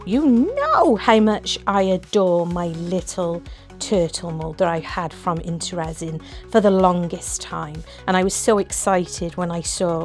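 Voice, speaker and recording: A woman with an excitable, gushing manner, chatting casually through a resin craft tutorial at home. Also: lowish voice.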